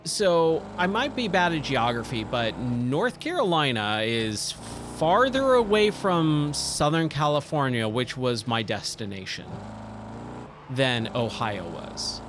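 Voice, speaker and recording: A man's voice: medium pitch, big pitch swings, slow pace, noisy background. A man in his thirties, a gaming streamer, casually telling a rambling story full of fillers and self-corrections. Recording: loud racing game sounds underneath.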